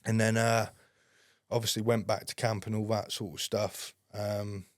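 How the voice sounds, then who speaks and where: A man's voice: lowish voice, little pitch movement, normal speed, no room sound, studio quality. A man, a podcast guest, telling a story in a casual, blunt way and swearing constantly.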